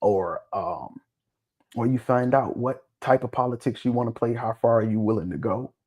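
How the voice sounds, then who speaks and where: A man hosting a casual talk show discussion, talking bluntly and swearing freely, with an animated, preaching tone. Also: medium pitch, normal speed, husky. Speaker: podcast host.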